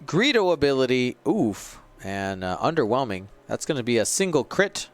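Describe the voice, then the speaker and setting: Smooth-voiced male game commentator. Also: mid-range voice, big pitch swings, moderate pace. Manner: play-by-play, explaining rules, wry.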